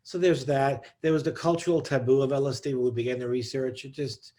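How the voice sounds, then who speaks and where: A man answering on a discussion panel about research, thoughtful and halting, with many restarts. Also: medium pitch, steady tone, dark tone. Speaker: psychedelic researcher.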